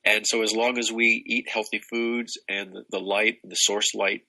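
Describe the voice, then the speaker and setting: Older man, spiritual teacher, expansive and rambling, low pitch, sharp tone. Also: flat delivery, moderate pace, low-quality recording. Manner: expansive, rambling, many restarts. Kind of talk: casual spiritual conversation.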